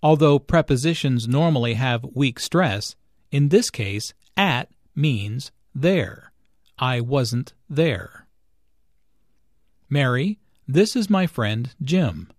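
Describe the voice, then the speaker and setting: Male teacher narrator, slow deliberate explanations, dry close-miked voice. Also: mid-range voice, expressive, dry recording. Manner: slow, measured, explanatory delivery. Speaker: English teacher. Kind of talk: scripted language-lesson narration.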